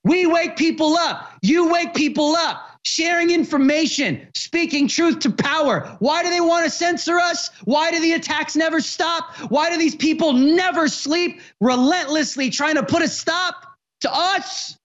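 A speaker in their twenties hosting a political commentary show, ranting with impassioned, sarcastic shouting. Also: extremely high pitch, a little slow, highs cut off.

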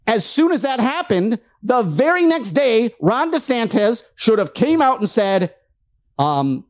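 A man's voice: very high-pitched, sing-song, a little slow. Guy ranting hard on his show, preachy and fired up, voice swinging all over. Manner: fervent, preachy, frustrated. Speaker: host. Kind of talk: impassioned political rant.

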